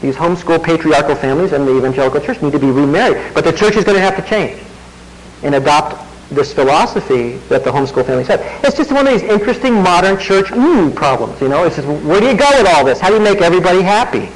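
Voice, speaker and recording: A man's voice: a little high, expressive, quick pace, low-quality recording. A man preaching a sermon in a conversational way, with wry asides to the congregation. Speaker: pastor.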